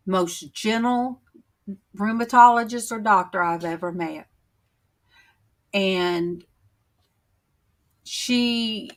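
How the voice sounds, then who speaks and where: Livestream host, woman, unhurried and emotional, middle-pitched, pauses a lot while answering viewers. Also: a bit bright. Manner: slow, emotional, heartfelt, many pauses and fillers. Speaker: channel host on a faith livestream. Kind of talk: casual chat, reading viewer comments.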